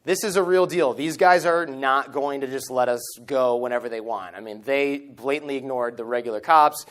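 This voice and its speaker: A man in his thirties giving a storytelling talk at a conference stage microphone, animated and acting out the lines he quotes. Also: mid-range voice, normal speed, smooth. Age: 30s. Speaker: conference speaker.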